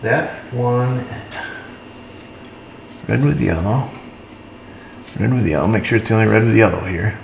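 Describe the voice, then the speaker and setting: A man's voice: on the low side, fairly quick, creaky, pauses often, noisy background. A man working as an auto repair technician, narrating casually while he diagnoses a truck and tossing dry, joking asides to viewers. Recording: roomy shop echo.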